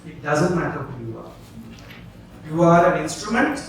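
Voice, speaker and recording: A man's voice: a little high, sing-song, normal speed, pauses often, slight background noise. A man giving a talk to an audience, teaching and checking in with "okay?" and "right?". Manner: leads the audience through movement drills. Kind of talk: public talk and panel answer. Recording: very echoey hall, distant mic.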